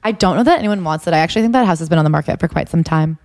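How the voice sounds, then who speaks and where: A woman's voice: racing, darkish tone, no room sound. A young woman co-hosting a podcast, chatting and reading aloud from a book, sarcastic and incredulous. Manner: sarcastic, incredulous, pitch jumps when exasperated. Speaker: podcast co-host. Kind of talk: casual chat reading from a book.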